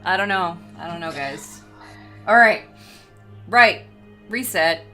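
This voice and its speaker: A woman's voice: fairly low pitch, animated, takes it slowly, music in the background. A woman running a tabletop horror game as game master, joking loosely with her players and recapping last session for chat.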